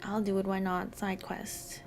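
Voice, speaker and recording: A woman's voice: medium pitch, level tone, measured pace, faint music behind. A young adult woman streaming a game, musing and hesitating with frequent "um"s as she plays. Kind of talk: casual gameplay commentary.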